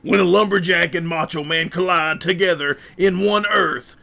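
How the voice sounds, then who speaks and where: A man putting on a gravelly macho lumberjack voice. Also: sits high, fairly even intonation, moderate pace, pushed and bright, pitched above the performer's own voice, heavily acted. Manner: exaggerated manly drawl. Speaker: livestream host.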